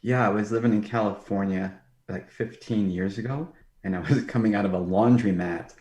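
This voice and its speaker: A man, a film director talking on a podcast, who tells stories with excitement and acts out quotes in a higher voice. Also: moderate pace, echoey room. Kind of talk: casual chat.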